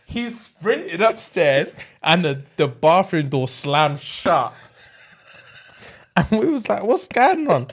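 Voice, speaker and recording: A young man with a British accent spins a funny story for a podcast, his pitch sitting fairly high and leaping around as he goes. His talk is loose, full of slang and frequent laughter. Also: slow, slightly rough. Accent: British English. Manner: animated, laughs often through a comic story, uses street slang. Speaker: podcast co-host. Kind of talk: casual storytelling chat.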